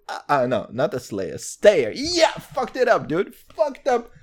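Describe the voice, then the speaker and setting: A young man hosting a podcast, talking in a loose, excitable rush and swearing freely. His pitch leaps up and down all the time, and he keeps saying "dude". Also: unhurried, a little hiss or hum. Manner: excitable, profane, says "dude" constantly. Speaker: podcast host. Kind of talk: casual chat.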